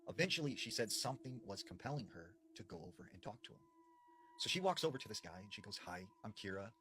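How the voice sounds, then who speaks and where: A man's voice: lowish voice, sing-song, quick pace, bright, forceful tone. A man casually retelling true horror stories as a storyteller, in a chatty style full of fillers.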